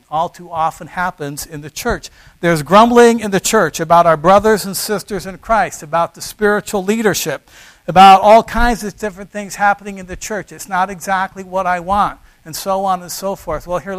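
A middle-aged male pastor preaching a sermon, emphatic, swinging between loud stressed phrases and quiet asides. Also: high voice, poor audio.

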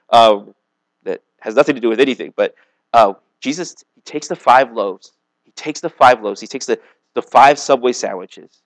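A man's voice: lowish voice, dry recording. A man giving a casual, jokey sermon, acting out voices and asides as he tells stories. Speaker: pastor.

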